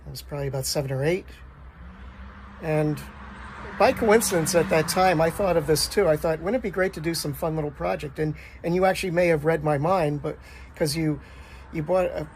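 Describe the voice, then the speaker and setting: Son with a higher voice reminiscing. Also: male voice, slight background noise. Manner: fond reminiscing, hesitant with uhs. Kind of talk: recorded birthday greeting.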